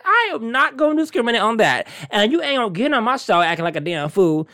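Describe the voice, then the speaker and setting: A brash, teasing talk show host chatting casually to the audience. The pitch leaps and swoops all over in an animated way. The sound is dry and close, with no room around it. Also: fast talker, no room sound. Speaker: podcast host. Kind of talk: casual solo chat.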